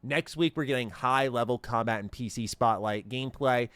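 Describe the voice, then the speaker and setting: A man's voice: medium pitch, normal speed, a bit bright, dry recording. Casual male game commentator, upbeat and rambling, dry close sound. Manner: enthusiastic, rambling with fillers. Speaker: gaming commentator.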